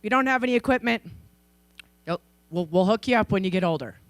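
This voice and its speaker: A woman's voice: mid-range voice, animated, fairly quick, no echo, close to an everyday voice. A woman putting on the voice of a stern, exasperated father.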